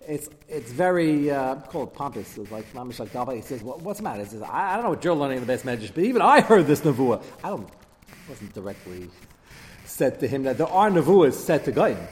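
A man giving a Torah class lecture, taking questions and acting out the quotes he reads with quick asides. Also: medium pitch, big pitch swings, a little mellow. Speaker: rabbi teaching a class. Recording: reverberant hall with faint background noise.

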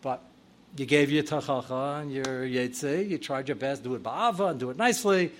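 A man, a rabbi teaching a Torah class, sprinkling in Hebrew and Yiddish terms and growing loud and animated when he acts out his examples. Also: medium pitch, normal speed.

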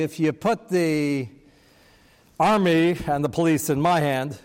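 A man's voice: a little high, a little slow, long reverb tail. A man teaching a scripture lesson, chanting verses aloud and then explaining them in casual, wry asides, with an American accent. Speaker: Torah teacher. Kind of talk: text study lesson.

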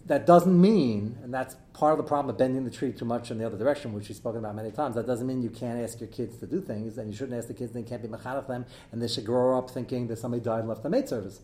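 A middle-aged man teaching a live class as its rabbi, animated and joking, with many fillers as he digresses. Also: medium pitch, fast talker, hardly any pauses, reverberant. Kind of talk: live lecture to an audience.

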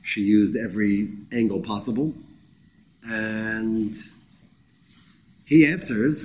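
A man's voice: fairly low pitch, slow, pauses often, darkish tone, rough recording. A man teaching an informal Bible class in a conversational, wry way. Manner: conversational and wry, acts out quoted speakers.

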